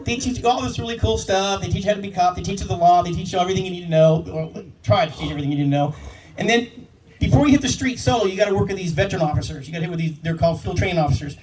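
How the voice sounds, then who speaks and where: A man doing stand-up comedy about police work, telling brash, profane stories quickly. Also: high-pitched, background noise. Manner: brash, profane, fast storytelling punctuated by laughs. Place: comedy club stage before a live audience. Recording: distant mic with loud crowd laughter.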